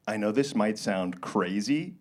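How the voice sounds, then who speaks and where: A young man doing a live stand-up set on a club stage with a handheld mic, awkward and self-deprecating with absurd deadpan jokes. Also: lowish voice. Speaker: stand-up comedian. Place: comedy club stage, indoors. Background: loud walk-on music at times.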